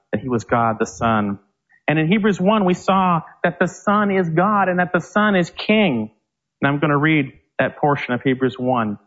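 A male preacher giving a Bible teaching sermon, reading scripture slowly and with emphasis. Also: a little high, fairly bright tone, muffled recording. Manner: slow, emphatic verse reading.

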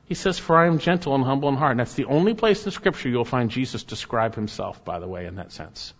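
Male pastor, mid-pitched, emphatic sermon delivery, muffled recording with long reverb. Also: big pitch swings, fast talker. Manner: earnest, emphatic preaching with rising and falling intensity. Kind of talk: expository sermon.

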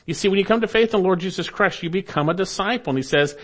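A man with a high voice preaches as pastor, earnest and measured. To emphasize his points, he slows and quiets down as each phrase ends.

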